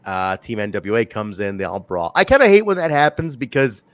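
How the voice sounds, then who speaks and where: A man's voice: on the low side, fairly quick, dry recording. Rambling man in casual chat. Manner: rambling, animated storytelling with laughs. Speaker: podcast co-host reviewing wrestling.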